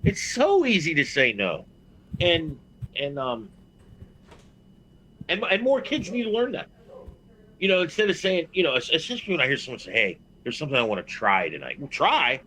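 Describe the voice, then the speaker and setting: A man chatting on a podcast who tells a story bluntly and profanely, swearing often and getting loud and heated. His voice is bright and forceful, with a lively, swinging pitch. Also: a little fast, pauses often, a little hiss or hum, low-quality recording. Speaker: podcast co-host, veteran wrestler. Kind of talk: casual podcast chat.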